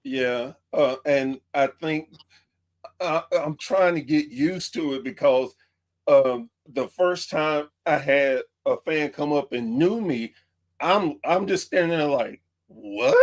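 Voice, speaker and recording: A male podcast host with a high voice talks slowly and easily. He laughs often and keeps the chat relaxed. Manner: laughs often, slow and easygoing. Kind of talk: casual interview chat.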